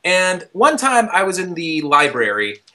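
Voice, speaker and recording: A young man hosting a podcast, telling a long story in casual, rambling chat, full of fillers, restarts and casual swearing, shouting out the quoted lines. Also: high-pitched, measured pace. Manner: animated, loose storyteller with many fillers and restarts. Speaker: podcast host.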